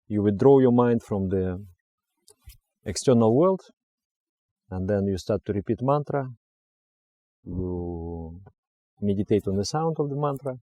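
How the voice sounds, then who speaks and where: Guy teaching meditation, warm mellow voice, dry close sound, keeps repeating things for emphasis. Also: on the low side, dry recording. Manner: earnest, emphatic, repeats key phrases. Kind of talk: spiritual teaching talk.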